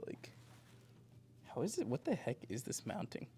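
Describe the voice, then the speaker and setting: A man's voice: mid-range voice, wildly swooping pitch, moderate pace, vocal fry, mellow, slight background noise. A man helping build a computer on a stream, chatting casually and musing his questions aloud. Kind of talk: casual chat while building.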